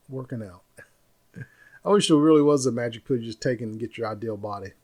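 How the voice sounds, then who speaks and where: A man hosting a podcast, talking through his opinions in a loose, rambling solo monologue, and popping into a louder, higher voice when he quotes people. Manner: rambling, opinionated, mimics others in raised voice. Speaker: podcast host. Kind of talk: casual monologue.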